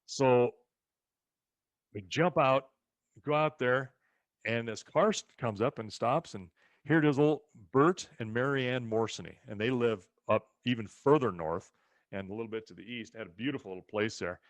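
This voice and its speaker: A man's voice: mid-range voice, normal speed, dry recording. A man telling casual family stories as a ranch co-host, acting out other people's lines as he goes. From rural western United States. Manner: animated storyteller who acts out other people's lines. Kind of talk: casual storytelling chat.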